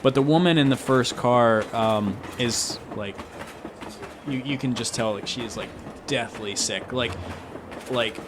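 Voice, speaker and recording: A man's voice: medium pitch, a little slow, background noise. A young man narrating a tabletop game as game master, describing scenes in a rambling way full of fillers.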